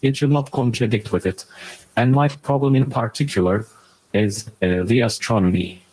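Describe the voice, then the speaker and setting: A man's voice: mid-range voice, normal speed, a little mellow, slightly rough, low-quality recording. Man through a robotic voice changer. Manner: hesitant, apologetic. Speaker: caller. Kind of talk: casual debate call.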